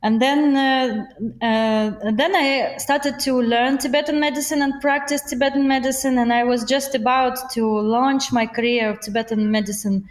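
A woman talks in a conversational interview, her voice sitting a little high. She pauses often and restarts her phrases as she thinks. The sound carries a clear echo from the room around her. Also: fairly even intonation. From Russia. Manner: reflective, hesitant, with many fillers and restarts. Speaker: guest.

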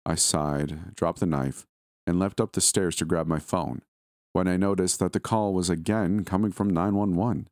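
A man with a very low, deep voice tells a first-person horror story. His delivery is steady and measured, recorded dry and close with no room sound. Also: no echo.

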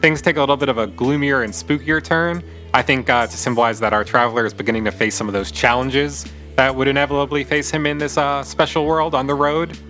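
A man's voice: medium pitch, fairly even intonation, fast talker, hardly any pauses, fairly bright tone. A man co-hosting a casual music podcast, talking in a thoughtful, analytical way. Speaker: podcast co-host.

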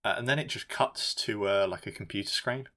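A man's voice: fairly low pitch, fairly quick, bright, forceful tone. A man co-hosting a casual film review podcast, rambling and swearing as he jokes. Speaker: podcast co-host.

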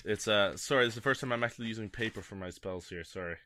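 A man's voice: on the low side, very fast, bright, forceful tone. A man playing in a tabletop role-playing game, chatty and giggly, often apologizing. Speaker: player.

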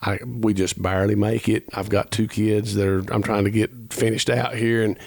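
A man's voice: lowish voice, level tone, normal speed, vocal fry, a little mellow, no room sound. A man, telling a long personal story as a podcast guest, earnest and rambling, acting out the dialogue as he goes. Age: 50s. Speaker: musician guest.

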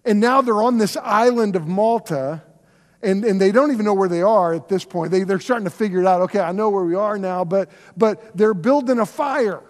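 A man preaching a sermon as pastor, telling stories in an animated, conversational way. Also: high-pitched, moderate pace. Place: church sanctuary. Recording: long reverb of a large hall.

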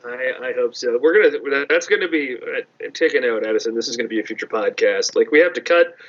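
A man's voice: medium pitch, animated, a little fast, fairly bright tone. A man co-hosting a podcast in casual chat, enthusiastic and rambling with jokes. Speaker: podcast co-host. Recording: dull lo-fi podcast audio.

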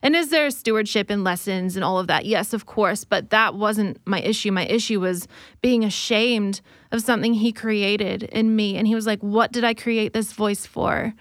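Woman, worship leader, earnest, reflective, mid pitch, dry close mic. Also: moderate pace, no echo. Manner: earnest, reflective, acts out remembered dialogue. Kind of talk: faith conversation.

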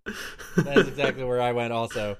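A man's voice: medium pitch, fairly even intonation, moderate pace, crowd noise. Man making dry, wry asides. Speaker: podcast co-guest. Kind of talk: casual chat.

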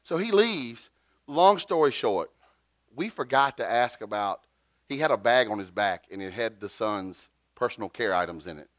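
A man, preaching a sermon and telling a story with lively jumps in pitch. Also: normal speed, no room sound. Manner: animated, jumps to high pitch for quotes. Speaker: pastor.

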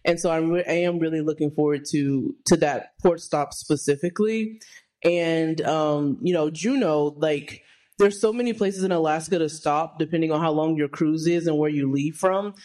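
A woman's voice: sits low, moderate pace. Enthusiastic woman from Texas, podcasting. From Texas, United States. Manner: enthusiastic, excitable. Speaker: podcast co-host. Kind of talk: casual chat.

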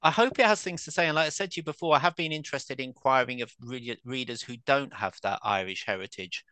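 A man's voice: medium pitch, fast, pushed and bright, no room sound. A man in his fifties from England, a guest author and academic, talking casually and self-deprecatingly, full of asides and fillers. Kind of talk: casual conversational interview.

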